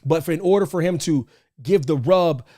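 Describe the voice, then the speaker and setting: Male stream host with a high voice, hyped and repetitive, shouts when excited. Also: normal speed. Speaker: host of a wrestling reaction show. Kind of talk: live-stream commentary.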